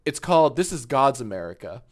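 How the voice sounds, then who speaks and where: A man's voice: medium pitch, sing-song, a little fast. A man in his thirties chatting casually on a live stream, tipsy from wine, rambling, joking and swearing freely from a home studio. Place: home studio with green screen.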